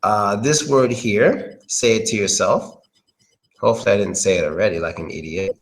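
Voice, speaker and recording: A man's voice: on the low side, normal speed, rough recording. A man talks through an English pronunciation lesson in a loose, unscripted way. He thinks aloud, repeats himself and hedges as he goes. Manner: rambling, thinks aloud, hesitant. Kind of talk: casual online pronunciation lesson.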